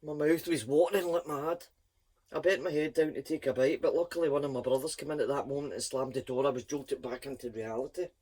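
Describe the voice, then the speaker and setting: A woman reading a children's story aloud in a lively, expressive first-person voice. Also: extremely low pitch, a little fast, husky.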